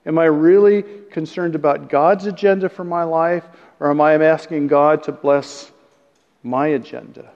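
A man's voice: a little high, steady tone, measured pace. A man preaching a conversational sermon, joking about himself and chuckling now and then. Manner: conversational, self-deprecating, chuckles at own jokes. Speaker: pastor. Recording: dull sound with long hall reverb.

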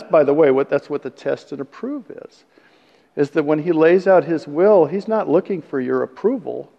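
A pastor with a slightly mellow voice on the high side, touched with vocal fry, gives a conversational sermon. He jokes at his own expense and chuckles at his jokes now and then. The sound is dull, with long hall reverb.

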